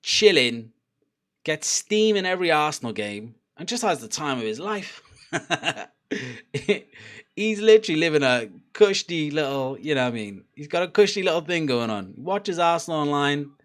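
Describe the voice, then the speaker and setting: With a fairly high voice that swings widely in pitch, a young man reacts live to a football match at a moderate pace. As a watchalong streamer he keeps it casual and chatty, laughing, cursing and urging the team forward.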